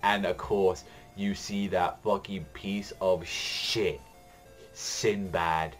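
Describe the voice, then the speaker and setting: A man with a fairly low voice talks through a manga chapter in a loose, excited ramble. He leans on fillers and swears freely as he recaps. Faint music runs quietly behind him. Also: slow. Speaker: anime and manga reviewer. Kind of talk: casual chapter review.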